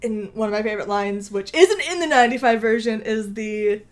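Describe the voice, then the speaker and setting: Young woman, podcast co-host, excited rambling chat, slightly high voice. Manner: excited, rambling, quick back-and-forth. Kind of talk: casual chat.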